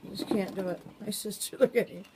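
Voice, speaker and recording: A woman's voice: medium pitch, brisk, noisy background. A woman filming her pets at home, chatting and coaxing them in a sing-song voice. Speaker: pet owner filming her animals. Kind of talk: casual home video chat.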